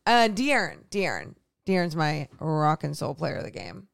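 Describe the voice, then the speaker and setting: A young woman co-hosts a late-night podcast, exhausted and on the edge of tears. She rambles and halts, searching for words. Her voice stays smooth and clear. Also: deep voice, big pitch swings. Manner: rambling, halting, emotional. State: exhausted and tearful. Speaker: podcast co-host. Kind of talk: casual late-night chat.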